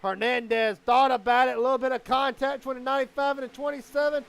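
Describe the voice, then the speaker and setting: A man calling a live sim race as commentator, excitable and quickening with the action. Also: very high-pitched, vocal fry, smooth.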